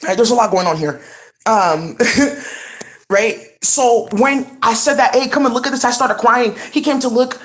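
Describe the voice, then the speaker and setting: A woman's voice: a little high, measured pace, roomy sound. A woman talking in a rambling, intense way in a casual home vlog as a spiritual reader. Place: at home indoors.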